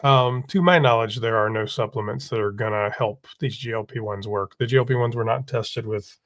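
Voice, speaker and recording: A man co-hosting a live chat stream, measured and matter-of-fact with dry remarks. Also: lowish voice, fairly bright tone. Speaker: co-host of a livestream.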